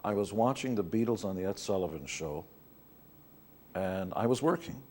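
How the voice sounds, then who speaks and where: A man's voice: lowish voice, expressive, moderate pace, darkish tone, slight background noise. A middle-aged man from New York, an interview guest telling candid stories in a blunt, wry way. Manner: blunt, wry anecdotes with playful put-on voices.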